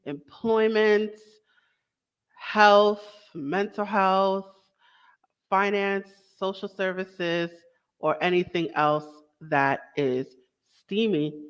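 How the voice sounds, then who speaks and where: A woman's voice: on the low side, clear, resonant tone, highs cut off. A young woman hosting a casual talk show, chatty and enthusiastic, with small asides and self-corrections. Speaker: host. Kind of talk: casual podcast introduction.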